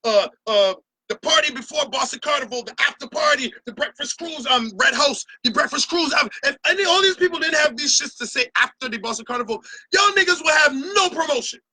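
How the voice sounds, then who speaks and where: A man's voice: extremely high pitch, expressive, a little fast, sharp tone, no echo. A middle-aged Barbadian man hosting his own opinion show, ranting passionately and profanely about a carnival. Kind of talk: opinion rant to camera.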